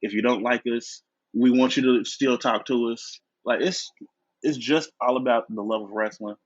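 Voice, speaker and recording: Husky, easygoing male podcast guest. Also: mid-range voice, fairly even intonation, normal speed, no room sound, muffled recording. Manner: easygoing, laughs often. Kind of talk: casual interview chat.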